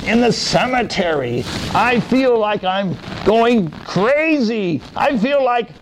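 A man voicing a tormented wild man possessed by demons, speaking high, strained and pleading. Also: expressive, slow, a little hiss or hum, heavily acted, poor audio.

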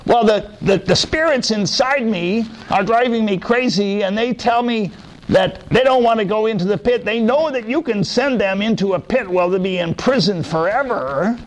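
A man voicing a tormented wild man possessed by demons, speaking high, strained and pleading. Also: normal speed, natural voice, poor audio.

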